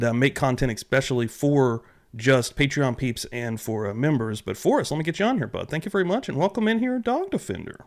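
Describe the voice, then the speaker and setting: A young adult man hosting a casual livestream, animated and excitable, swearing casually as he greets viewers. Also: medium pitch. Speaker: livestream host.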